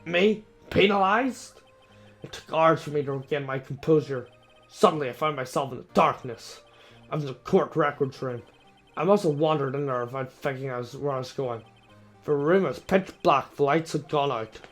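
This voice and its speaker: A man voicing a ruthless, proud older male prosecutor who snarls vengeful threats, his voice a little hoarse. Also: on the high side, moderate pace, faint music behind. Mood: bitter recounting.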